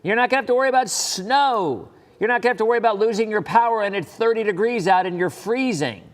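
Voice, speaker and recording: Broadcasting the weather live from a stream studio, a middle-aged male TV meteorologist with a fairly high voice speaks fast, sounding reassuring and emphatic as he repeats his main points. A long reverb trails behind his voice.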